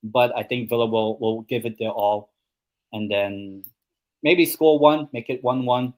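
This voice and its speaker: A man's voice: mid-range voice, fairly even intonation, unhurried, a little mellow. A young man hosting a live football watchalong stream, chatting casually and making predictions, rambling with lots of ums and obviouslys. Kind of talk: casual chat and match predictions.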